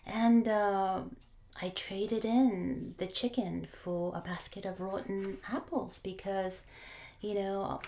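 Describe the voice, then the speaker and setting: A good-natured peasant husband with an earnest, unhurried way of explaining himself, put on by a woman telling the story. He sounds simple and proud. It is an easy storytelling voice in a preached folk tale. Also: mid-range voice, darkish tone, lightly acted.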